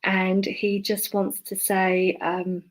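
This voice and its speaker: A woman working as a spiritualist medium, passing on spirit messages in a live online service. She speaks haltingly, with many fillers and restarts, and murmurs softly to herself between messages. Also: mid-range voice, monotone, rough recording. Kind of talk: live online clairvoyance demonstration.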